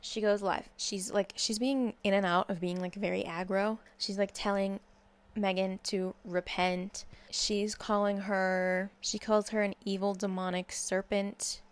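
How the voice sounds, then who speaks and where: In a casual commentary rant, a young woman YouTuber speaks bluntly, sarcastically and profanely. Her voice is medium in pitch with a creaky quality.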